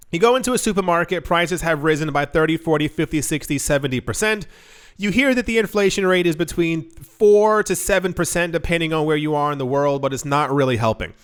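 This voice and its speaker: A man's voice: on the high side, a bit bright, clear, resonant tone. A young man hosting a crypto news show, talking in a loose, rambling way with many asides and self-corrections. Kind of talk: casual news commentary.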